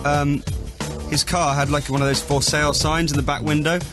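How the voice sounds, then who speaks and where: A man's voice: fairly high pitch, flat delivery, moderate pace, music in the background. A male radio host telling a cheeky story in studio chat, with a mock-tough streak. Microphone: studio microphone.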